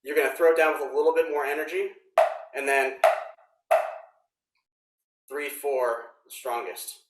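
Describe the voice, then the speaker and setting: A man teaching snare drum technique in a workshop, explaining step by step in a relaxed way with frequent ums. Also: fairly high pitch, a little slow, distant mic, loud music behind the voice. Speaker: drum instructor. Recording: roomy echo.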